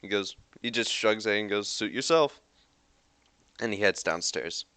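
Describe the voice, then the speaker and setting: A man's voice: on the low side, fairly even intonation, brisk, bright, forceful tone, dry recording. A young man running a tabletop game as game master, narrating loosely with lots of "like". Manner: rambling with frequent "like" fillers.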